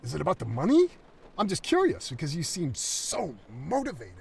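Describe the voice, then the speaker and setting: A man reading the part of a smug, handcuffed smoker who calmly goads his captor. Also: fairly high pitch, normal speed, creaky, distant mic, a little hiss or hum, heavily acted. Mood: taunting. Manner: calm goading taunts.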